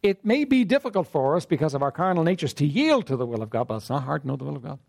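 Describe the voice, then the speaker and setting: Male pastor, conversational sermon, high and highly animated delivery, keeps clearing his throat. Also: racing. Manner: conversational preaching with frequent "right?" and "you know what?".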